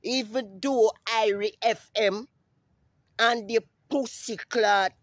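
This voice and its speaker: A brash man with a Jamaican accent, ranting profanely in a casual vlog outdoors, repeating himself and breaking into sudden high-pitched calls. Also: fairly even intonation, slow, fairly bright tone, no echo. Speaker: vlogger. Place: outdoors in the sun.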